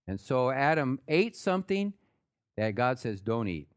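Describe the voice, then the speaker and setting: A man preaches at a middle pitch in a relaxed, conversational manner. He walks his listeners through scripture passages and sinks to a quiet, low voice when he presses an earnest point. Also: unhurried, smooth. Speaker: pastor. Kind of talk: sermon.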